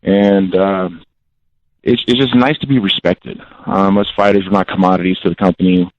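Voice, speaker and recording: Low-voiced man on a dull phone line. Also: steady tone, moderate pace, slight background noise. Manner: blunt, intense, repeats himself. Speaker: guest fighter calling in. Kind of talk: phone-in interview. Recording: dull lo-fi call-in audio.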